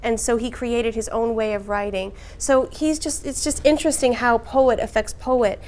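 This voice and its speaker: A woman teaching a class, speaking slowly and precisely in her teacher voice. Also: a little high, fairly even intonation, darkish tone.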